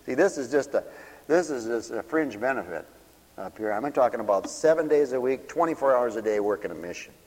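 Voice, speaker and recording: Male pastor, lively sermon, shouts then mutters, acts out scenes, reverberant hall. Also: mid-range voice, a little fast. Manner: swings from shouting to mumbling, acts out scenes, laughs often.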